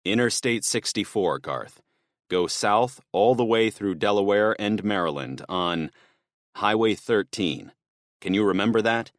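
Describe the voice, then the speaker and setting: A man reading an audiobook, voicing a calm, practical middle-aged father who gives his son firm, serious instructions. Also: on the low side, measured pace, no room sound, clean studio sound. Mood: firm worried.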